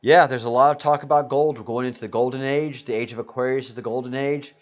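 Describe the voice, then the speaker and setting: A man hosts a casual live stream in a loose, rambling way, stopping often to greet viewers from the chat. His voice sits in an ordinary middle pitch. The audio is a little dull and lo-fi. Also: steady tone, fast. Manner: rambling, reads chat names aloud. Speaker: livestream host. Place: Spain.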